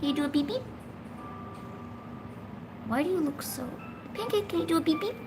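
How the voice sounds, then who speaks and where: A young woman streaming, coaxing and teasing her cat in a playful, high-pitched baby-talk voice. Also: lively intonation, moderate pace, noisy background. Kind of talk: live-stream chat.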